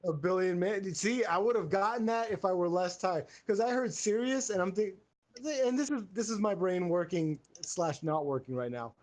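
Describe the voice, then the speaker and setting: Male improv host, high voice, tired but playful, mock-grandiose when scoring. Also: normal speed, a little mellow. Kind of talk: casual online improv chat.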